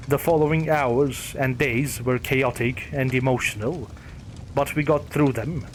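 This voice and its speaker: A man narrating a horror story in a steady, somber, scripted reading. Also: mid-range voice, slight background noise.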